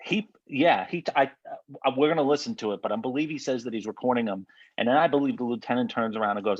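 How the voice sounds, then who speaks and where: A man's voice: medium pitch, quick pace, slightly rough, dry recording, highs cut off. A man hosting a podcast in casual chat, blunt and swearing freely. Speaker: podcast host.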